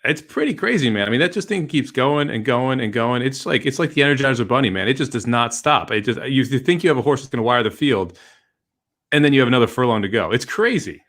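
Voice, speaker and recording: A man co-hosting a casual podcast, animated and teasing, laughing often. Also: mid-range voice, fast. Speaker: podcast co-host. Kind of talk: casual chat about horse racing.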